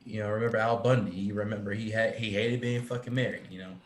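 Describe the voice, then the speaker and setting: Rambling low-voiced man in an echoey room. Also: fairly even intonation, fast. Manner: rambling, profane, many restarts and fillers. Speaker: live stream co-host. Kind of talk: casual chat. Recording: echoey room with faint ambient noise.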